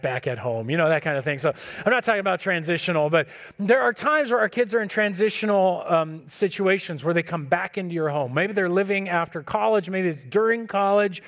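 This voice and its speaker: A man preaching a sermon in a relaxed, conversational way, acting out talks with his kids. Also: high-pitched. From California. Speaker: pastor.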